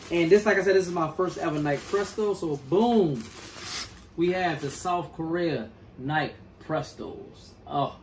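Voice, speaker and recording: A man with a slightly high voice talks through a sneaker review in a loose, rambling way, tripping over words and correcting himself as he reads off product specs. A faint background hiss sits under his voice.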